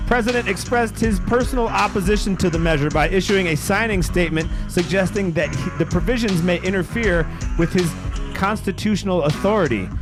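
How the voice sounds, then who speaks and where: Cursing podcast host with a high voice. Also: male voice. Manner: profane, joking and loose. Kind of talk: casual news roundup on a podcast. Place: podcast studio.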